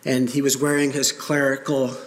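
A man preaching a sermon to his congregation, earnest and emphatic, with pauses for weight. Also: medium pitch, flat delivery. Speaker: pastor. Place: church sanctuary. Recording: long reverb of a church hall.

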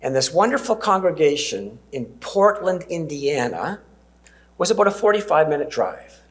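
A man, preaching a sermon and telling stories earnestly, slowing down and dropping to a near-whisper for emphasis. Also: on the high side, big pitch swings. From Canada.

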